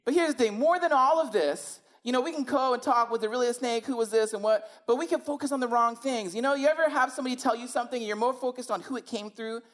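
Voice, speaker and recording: A woman's voice: on the high side, fast, few pauses. A woman preaching a sermon in a conversational, emphatic way, often asking rhetorical questions.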